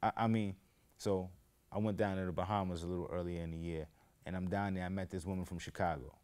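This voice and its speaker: A man with a low, clean-toned voice talks fast while hosting his own show. He tells casual stories, wanders onto tangents, and gets animated, raising his voice whenever he quotes other people.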